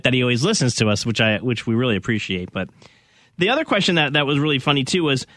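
A man's voice: medium pitch, expressive, quick pace, pushed and bright, dry recording, studio quality. A man hosting a casual radio show podcast, chatty and laughing as he reads listener texts.

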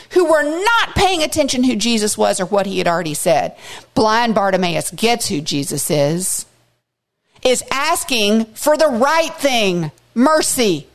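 Expressive woman teaching a Bible study. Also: high-pitched. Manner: expressive, emphatic reading with asides.

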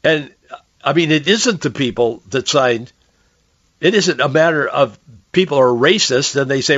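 Hoarse male radio host, earnest conversational monologue, dry and muffled recording. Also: medium pitch, animated, a little slow, a bit bright, dry recording. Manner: conversational, earnest, with frequent restarts. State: hoarse, losing his voice. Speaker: radio talk show host. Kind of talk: political and religious commentary monologue.

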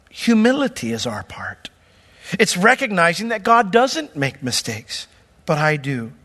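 A man preaching an expository sermon in a slightly higher voice, teaching through scripture with emphatic, conversational asides. His voice rings with a long reverb, as if in a large hall. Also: fairly bright tone. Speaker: pastor.

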